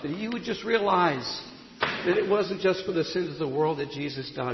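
A man's voice: fairly high pitch, moderate pace, highs cut off. Impassioned male preacher in an echoey hall. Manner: swings from hushed to loud, impassioned preaching. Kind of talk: sermon with storytelling.

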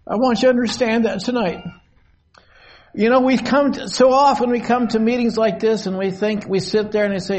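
An older man preaching a sermon from a podium in a meeting hall, slow and measured with long pauses. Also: high voice, steady tone.

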